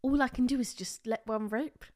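A woman's voice: fairly high pitch, steady tone, brisk, darkish tone. A young woman co-hosting a podcast with her partner, blunt and indignant, swearing freely in casual banter. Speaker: podcast co-host.

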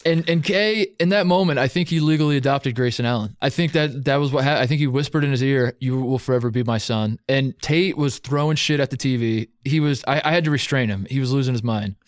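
A man's voice: medium pitch, quick pace, hardly any pauses, no room sound. Man, podcast co-host, playful, storytelling, dry sound. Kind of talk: casual sports chat.

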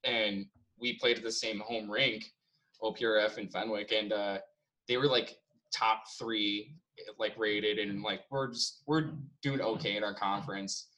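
A man's voice: lowish voice, fairly even intonation, unhurried, pushed and bright, low-quality recording. Young man telling stories with laughs. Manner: swearing, laughing storyteller. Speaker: podcast co-host. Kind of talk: casual chat.

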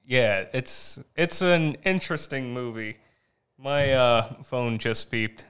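A man who is a guest on a podcast, chatting casually with dry, deadpan jokes. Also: medium pitch, slow pace, smooth. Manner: dry, self-deprecating humor. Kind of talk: casual chat.

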